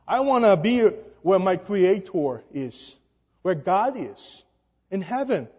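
A man preaching a sermon, emphatic and halting, his voice rising on rhetorical questions. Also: high voice, animated, a little mellow. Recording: dull sound with long reverb.

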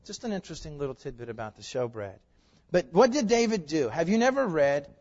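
A male pastor preaches a conversational sermon, questioning the congregation and swinging between loud emphasis and quiet asides. His voice is a little high with big pitch swings and a brisk pace, heard through long reverb and dull lo-fi sound.

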